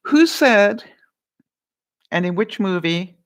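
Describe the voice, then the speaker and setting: A woman's voice: mid-range voice, animated, a little slow. A woman vlogger chatting casually on a live stream, laughing often as she runs a movie-quote quiz and answers viewer comments.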